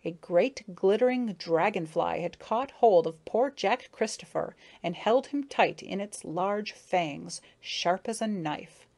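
A woman narrating a storybook as an audiobook, in steady, clear storytelling. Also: medium pitch.

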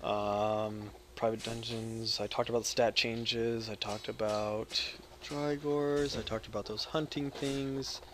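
Loud rambling crude young man. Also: lowish voice, level tone, slow, a little hiss or hum. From United States. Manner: loud, jokey, crude, swings between yelling and mumbling. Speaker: gaming video creator. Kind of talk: rambling live gameplay commentary.

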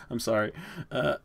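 A young adult streamer giving casual, excitable commentary while gaming, swearing, laughing often and stammering. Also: medium pitch, heavy background noise.

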